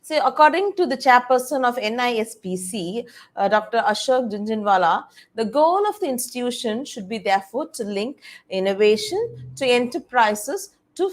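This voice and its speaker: A woman with a somewhat high voice gives an online presentation to faculty and students. She explains each point step by step, filling her pauses with "okay" and "all right". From India. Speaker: panel speaker on innovation policy.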